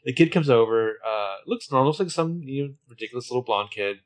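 A man with a mid-pitched voice chats loosely, full of ums and jokes. He sounds relaxed and easygoing. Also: quick pace. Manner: laid-back, jokey, lots of fillers. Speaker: podcast co-host. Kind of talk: casual chat.

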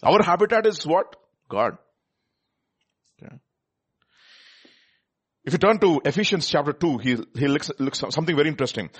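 A man's voice: fairly high pitch, animated, moderate pace, pauses often, husky. A man preaching a sermon, reading scripture aloud, asking his listeners questions and laughing often.

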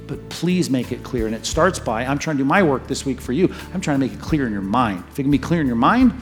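A man pastor preaching a sermon, telling stories with lively rises and hushed drops in his voice. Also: mid-range voice, fast, soft background music. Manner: animated storytelling, rises and drops in volume.

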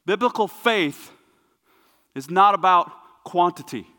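A man preaching a sermon as pastor, with emphatic repetition that swings between hushed and loud passages. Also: high voice, lively intonation, unhurried. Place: church sanctuary. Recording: long hall reverb.

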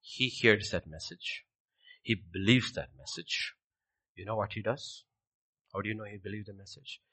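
A man's voice: on the low side, moderate pace, pushed and bright. A man preaching a sermon in a dramatic way, acting out scripture scenes as he goes.

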